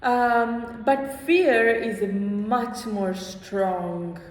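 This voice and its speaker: A woman yoga teacher leading a small class, animated, often checking in with a quick "hmm?". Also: fairly high pitch. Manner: animated, checks in with "hmm?", acts out inner voices. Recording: echoey hall with faint ambience.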